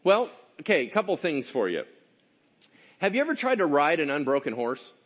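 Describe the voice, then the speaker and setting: A man preaches in a relaxed, conversational way, checking in with his listeners as he goes. His voice sits fairly high for a man and swings widely up and down. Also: normal speed, husky. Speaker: pastor. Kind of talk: sermon.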